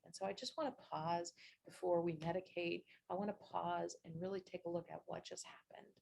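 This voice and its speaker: A woman's voice: lowish voice, creaky, darkish tone, slightly rough. A woman who works as a nurse, giving a chatty, down-to-earth informal talk over a video call, full of asides. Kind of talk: informal presentation. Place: virtual meeting. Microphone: video call mic.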